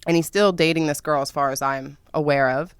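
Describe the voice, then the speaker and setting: A young woman on a podcast, telling her own story with lots of swearing and drama and jumping into loud squeals at times. Her voice is smooth and lower-pitched, recorded close and dry with no room sound. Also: steady tone, a little fast, no echo. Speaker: podcast host. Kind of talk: casual storytelling monologue.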